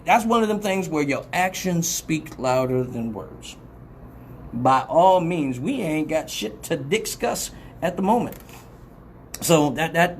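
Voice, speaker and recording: A woman's voice: deep voice, a little mellow, a little hiss or hum. A woman hosting a live radio talk show, blunt and profane, rambling, laughing often and slipping into mock voices as she talks.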